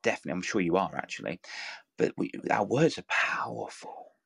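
Earnest man, low dry voice. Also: lively intonation, a little fast, creaky, a bit bright, breathy edge, dry recording. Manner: earnest, repetitive, coaxing, full of restarts. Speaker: live audio room speaker. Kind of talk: encouraging motivational talk.

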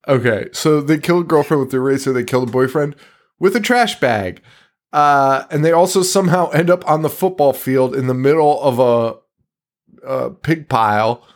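Guy on a horror podcast ranting about a movie, swears a lot, sounds fed up. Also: mid-range voice. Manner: profane, exasperated ranting. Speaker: podcast co-host. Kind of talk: casual movie recap chat.

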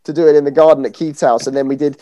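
Fast-talking mellow male host. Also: on the high side, fairly even intonation. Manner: quick, chatty, asks questions. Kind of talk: casual chat.

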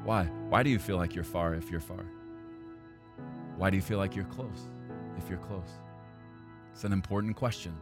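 A male pastor preaching a sermon, at times rising to loud, high-pitched intensity. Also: steady tone, normal speed, long pauses, over music.

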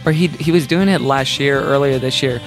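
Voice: medium pitch, fairly quick, faint music behind. A co-host in a casual podcast chat who jokes and slips into silly bits. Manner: joking, does silly bits.

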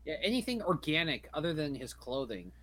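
A man's voice: fairly high pitch, very animated, brisk, a bit bright. A man chatting casually as a podcast co-host about a comic, agreeable and enthusiastic.

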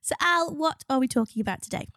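A woman, a business psychologist co-hosting a podcast, upbeat and quick to laugh, sounding stuffed up from a cold. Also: high-pitched, expressive, a bit bright, dry recording, clean studio sound.

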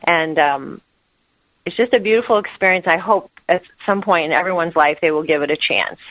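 A woman's voice: lowish voice, normal speed, fairly bright tone, dry recording, dull audio. A woman yoga teacher, a guest in an interview, talking about spirituality in an earnest, flowing way. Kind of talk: interview answers.

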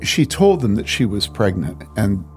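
A man's voice: fairly low pitch, big pitch swings, unhurried, faint music behind. A man speaking as a pastor, telling a story from his ministry in an earnest, emphatic way and asking rhetorical questions.

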